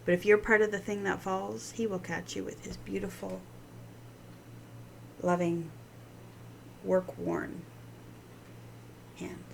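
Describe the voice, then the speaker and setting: A woman giving a gentle devotional talk, soft and tender, often dropping to a hush, with her morning voice. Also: mid-range voice, level tone, slow pace, creaky, pauses often, a little hiss or hum, low-quality recording. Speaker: devotional host.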